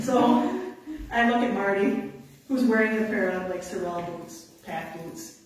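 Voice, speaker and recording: Animated woman telling stories, echoey distant mic. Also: mid-range voice, a little slow. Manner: animated, laughing, acts out quotes. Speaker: conservation officer giving a talk. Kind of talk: storytelling to an audience. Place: indoor talk venue.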